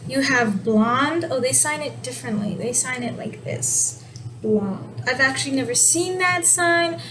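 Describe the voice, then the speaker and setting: A woman explaining sign language in a casual video lesson, relaxed and explanatory, sometimes correcting herself. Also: high voice, a little slow. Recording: steady background noise.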